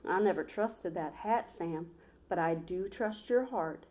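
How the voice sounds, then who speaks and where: A woman's voice: on the low side, measured pace, darkish tone, close to an everyday voice. A woman reading a storybook aloud, voicing a tight-lipped, serious townswoman who speaks in a plain, earnest way.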